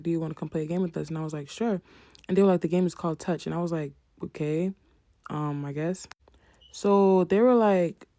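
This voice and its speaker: Soft, hesitant young woman telling a story. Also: on the low side, no echo, studio quality. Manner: soft, hesitant, many "like" fillers. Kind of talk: casual storytime.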